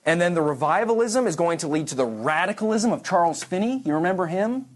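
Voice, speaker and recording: A man's voice: high-pitched, expressive, fast. A man giving a church history lecture to a congregation class, conversational and digressive, with frequent restarts and dry asides.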